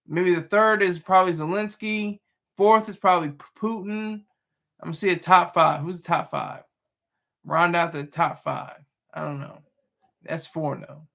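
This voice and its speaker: Here a man hosting a livestream reads out viewer comments and chats in a relaxed way, teasing playfully and frequently starting over. His voice sits high, with a bright, forceful tone.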